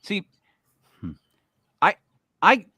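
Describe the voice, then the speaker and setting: A man's voice: drawn-out words, bright, forceful tone, no echo, clean studio sound. A man hosting an interview show, brash and joking, talking casually and stubbornly. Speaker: podcast host.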